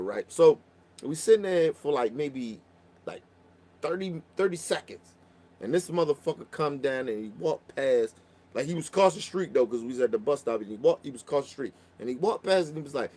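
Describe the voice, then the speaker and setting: A man's voice: on the high side, big pitch swings, a little fast, darkish tone. Profane, rambling man. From Baltimore. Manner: profane, rambling, with frequent restarts and filler. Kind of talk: casual storytelling chat.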